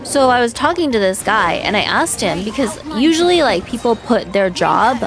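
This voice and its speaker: A woman's voice: a little high, very animated, normal speed. Young woman vtuber gossiping on stream, lots of "like", faint music behind. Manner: chatty, gossipy, lots of "like", laughs and exasperated outbursts. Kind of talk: casual livestream storytime chat.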